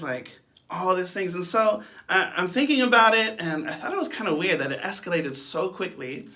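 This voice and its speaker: A young man telling a story for a youth talk in a loose, chatty way. He sprinkles in fillers and asides and laughs easily. His voice sits a bit high and sounds bright and forward. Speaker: youth speaker. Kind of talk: casual youth sermon storytelling.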